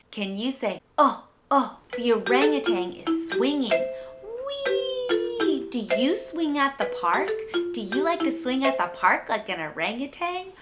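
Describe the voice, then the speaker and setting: A woman hosting a toddler phonics lesson in an exaggerated, enthusiastic singsong baby-talk manner. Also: high voice. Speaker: children's educational host. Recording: loud background music.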